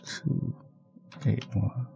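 A man hosting a radio shopping call-in show, energetic and laughing often as he pushes deals to callers. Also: medium pitch, extremely slow, creaky, highs cut off, soft background music. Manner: energetic, laughs often, animated sales patter. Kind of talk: lively radio call-in selling. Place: radio studio.

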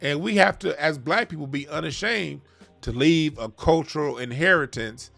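Man, fairly high pitch, gravelly fry, animated and profane, faint music behind. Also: normal speed. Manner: animated, profane, mocks other music with sung sounds. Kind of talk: casual heated chat.

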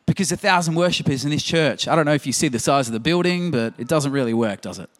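A man's voice: a little high, animated, fast talker. A man preaching a sermon in a conversational, emphatic way, full of rhetorical questions. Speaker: pastor.

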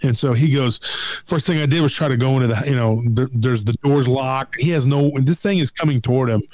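A middle-aged man in casual conversation, retelling a story with lively acted-out quotes. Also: mid-range voice, fairly quick, no echo. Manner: animated retelling, acts out quoted voices.

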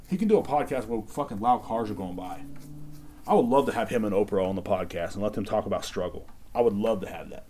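A man's voice: fairly low pitch, fairly quick, a little mellow. A man hosting a casual solo podcast, rambling and swearing as he talks to himself. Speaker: podcast host.

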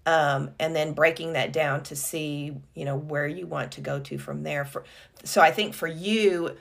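A woman's voice: sits low, fairly even intonation, a little slow, vocal fry. A woman co-hosting a casual business podcast, talking conversationally with fillers and self-corrections. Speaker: podcast co-host.

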